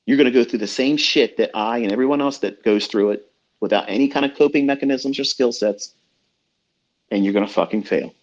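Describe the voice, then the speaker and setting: A middle-aged man with a medium-pitched, slightly fast voice goes on an unscripted rant as a trading mentor. He's blunt, profane and preachy, and the audio is dull and lo-fi.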